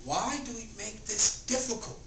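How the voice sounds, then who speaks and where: Man, 30s, high voice, preachy sales talk, distant mic in an echoey living room. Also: moderate pace. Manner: preachy, asks the room questions. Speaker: network marketing presenter. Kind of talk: motivational sales pitch at a home gathering. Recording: roomy, distant and noisy home recording.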